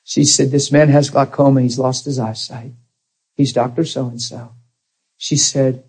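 A man preaching a sermon in a conversational, animated way, acting out the people he quotes. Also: medium pitch, unhurried, slightly rough, low-quality recording.

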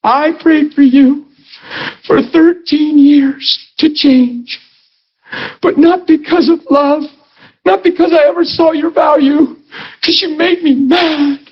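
A woman's voice: high voice, steady tone, slow, pitched above the performer's own voice. Man putting on a tearful pleading wife. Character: tearful remorseful wife confessing to her husband. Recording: dull lo-fi recording.

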